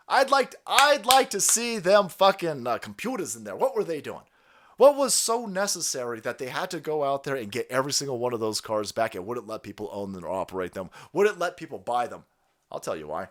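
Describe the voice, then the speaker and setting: Loud, lively man ranting on a livestream. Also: high-pitched, normal speed. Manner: loud, crude, laughing, mocking voices. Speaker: livestream host. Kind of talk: profane rant to chat.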